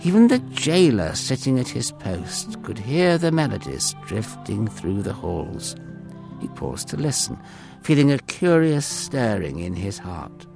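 A man narrating a children's Bible story in an expressive way, sometimes speaking to the listener directly. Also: on the low side, creaky. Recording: dry close mic with faint music.

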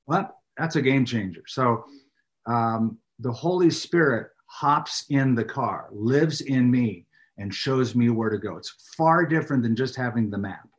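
A man's voice: medium pitch, measured pace. A middle-aged man, a pastor and author, talking as an interview guest with a preacher's emphasis. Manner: animated, speaks with a preacher's emphasis. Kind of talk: casual interview chat.

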